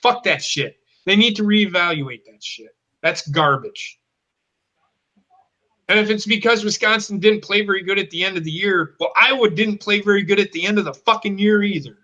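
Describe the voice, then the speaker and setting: A man with a high, bright voice rants in heated, blunt bursts. He swears constantly as he co-hosts a casual football talk show. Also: normal speed, highs cut off. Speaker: co-host. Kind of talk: profane football rant.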